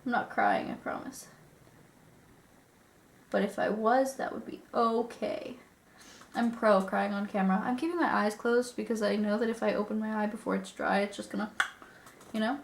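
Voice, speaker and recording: A woman's voice: medium pitch, fairly even intonation, normal speed, creaky, long pauses, reverberant. A young woman chatting casually while doing her makeup, sniffly from a recent illness, self-deprecating, swearing and muttering to herself. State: sniffly, getting over an illness. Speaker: beauty vlogger.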